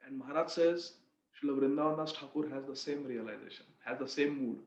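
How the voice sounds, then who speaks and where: A man's voice: mid-range voice, normal speed, a little mellow. Man teaching scripture, echoey lo-fi. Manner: explanatory storytelling, addresses listeners as friends. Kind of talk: devotional scripture class. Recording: roomy, dull lo-fi sound.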